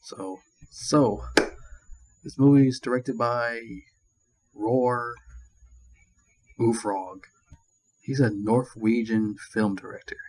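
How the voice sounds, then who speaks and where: Heard on a rough recording, this man speaks in a lowish, somewhat mellow voice. His casual movie review is crude and rambling, full of profanity, dirty jokes and irritated ranting.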